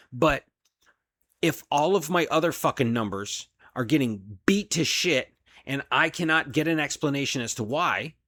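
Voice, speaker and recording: A man's voice: medium pitch, a bit bright, dry recording. A man, a delivery driver, venting in an angry, profane solo rant about his job. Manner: profane, heated, frustrated.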